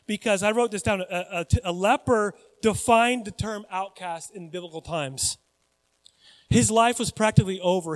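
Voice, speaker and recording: A male pastor preaching a sermon in a conversational, animated way, often putting questions to the congregation. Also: sits high. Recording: long hall reverb.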